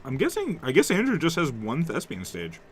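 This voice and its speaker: A man's voice: a little high, wildly swooping pitch, brisk, slight background noise. A man giving casual, joking live commentary on a card game match, sometimes talking with his mouth full. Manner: laid-back, joking, talks while eating. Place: game store.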